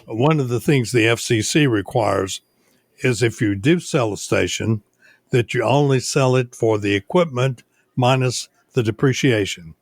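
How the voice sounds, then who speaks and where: An older man, a radio station owner, telling stories unhurriedly in a casual interview, with many pauses. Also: mid-range voice, no room sound, clean studio sound. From United States.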